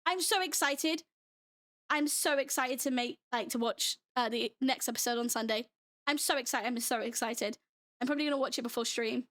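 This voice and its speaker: Young woman from Britain, high bright voice, blended British-American-Australian accent, bubbly and giggly, casual stream chat. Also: moderate pace. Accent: mixed British, American and Australian. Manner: giggly and bubbly, laughs often. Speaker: livestreamer.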